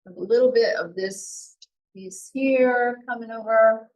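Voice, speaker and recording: A woman giving a live painting demonstration to an audience, talking in a relaxed, chatty way and thinking aloud as she works. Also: a little high, slow. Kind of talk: live art demonstration talk. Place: meeting room with an audience. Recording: echoey room recorded from far off.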